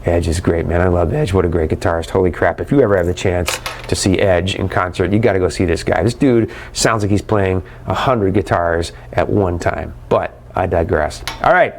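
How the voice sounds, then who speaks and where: A man's voice: low voice, moderate pace, hardly any pauses, slight background noise. Chatty upbeat man hosting a webcast. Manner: upbeat, chatty, calls viewers guys and brother. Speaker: webcast host answering viewer questions. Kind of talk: live webcast Q&A.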